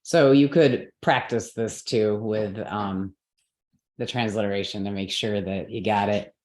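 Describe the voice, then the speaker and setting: A woman teaching a live class, explaining step by step, checking that her students follow, and correcting her own slips out loud. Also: a bass voice, a little slow, roomy sound. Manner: patient, step-by-step explaining with frequent checks for understanding.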